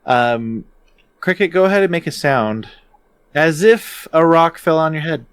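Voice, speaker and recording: Slow, lively man running a game. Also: a little high, smooth, no room sound. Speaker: dungeon master.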